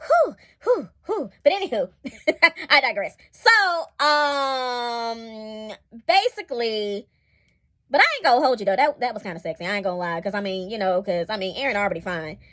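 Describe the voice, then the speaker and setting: A woman giving a casual spoken review of TV episodes, chatty and expressive, with colloquial asides and frequent digressions. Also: fairly high pitch, normal speed. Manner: chatty and expressive, laughing and acting out scenes. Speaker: series reviewer.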